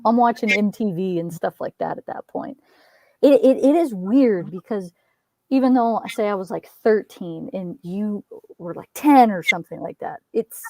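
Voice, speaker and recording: A woman's voice: medium pitch, darkish tone, dry recording. A woman in her thirties in a casual chat, rambling and chatty, laughing and swearing. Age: 30s. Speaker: co-host.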